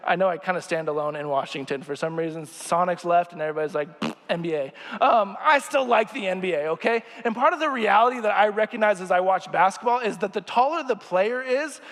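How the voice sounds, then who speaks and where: A man's voice: sits high, fast, hardly any pauses, a bit bright, in a large hall. A young man preaching a casual sermon, chatty and joking and asking the crowd questions, in a church sanctuary.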